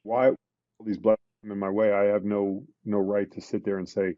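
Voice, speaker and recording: A man, a retired police detective, telling his story as a guest in a conversational interview, halting with many fillers and restarts. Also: lowish voice, flat delivery, mellow, no room sound, muffled recording.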